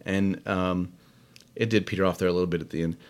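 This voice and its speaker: A man's voice: low voice, fairly even intonation, fairly quick. A man hosting a casual solo show, rambling and self-deprecating with many fillers. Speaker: podcast host. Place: home studio, alone.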